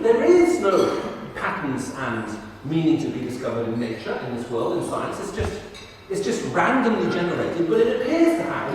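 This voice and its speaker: A man giving an evangelistic lecture at a university, telling humorous stories in an animated way. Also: mid-range voice. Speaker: guest speaker. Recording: echoey hall from far off with noise.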